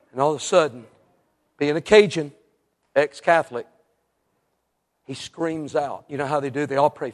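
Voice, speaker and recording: Male evangelist, lively storytelling sermon, slightly high voice, long hall reverb. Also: moderate pace, long pauses. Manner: animated, acts out the people in his story.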